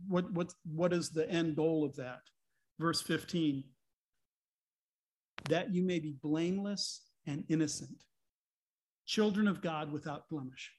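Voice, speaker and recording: A man's voice: a little high, measured pace, pauses often, a little mellow. A man preaching a sermon as a pastor, earnest and full of rhetorical questions, sometimes speaking in God's voice.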